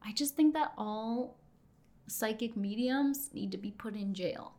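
A young woman co-hosting a podcast, recapping a TV episode in casual, animated chat and laughing often. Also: fairly high pitch, measured pace. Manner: animated, laughing, bursts into shouted quotes. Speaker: podcast co-host.

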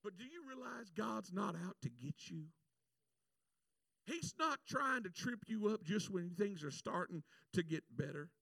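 A bright, high-pitched preacher with a gravelly edge to his voice, delivering a lively sermon. He tells a personal story and breaks into shouted prayers. The voice sounds dry and set back from the mic. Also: unhurried, no echo, far from the mic. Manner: animated, shouts acted prayers.

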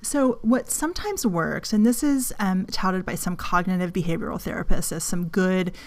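A woman's voice: on the low side, moderate pace. A middle-aged woman hosting a self-help podcast, talking frankly and casually, telling a personal story with laughs and the odd swear. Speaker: podcast host and coach.

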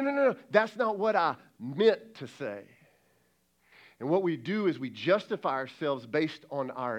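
A man preaching a sermon as lead pastor, talking in a conversational, emphatic way and acting out quoted dialogue. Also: medium pitch.

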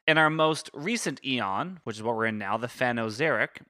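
In a dry, clean studio recording, a man with a mid-range, sharp voice speaks at normal speed while co-hosting a podcast. He presents the topic step by step in a casual way, regularly stumbling over big words and correcting himself.

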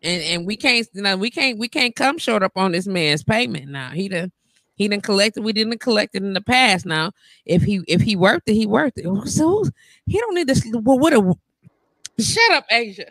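A woman hosting a live-stream talk show from bed, teasing her guest and reading viewer comments aloud in loud, joking banter. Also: mid-range voice, expressive, normal speed, no echo. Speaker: livestream talk show host.

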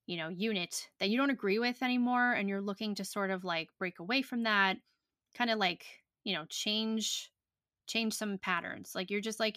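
A woman's voice: mid-range voice, normal speed, bright, forceful tone, no room sound. A young adult woman hosting a podcast in casual chat, blunt and profane with lots of fillers, talking on a close podcast mic. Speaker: podcast host.

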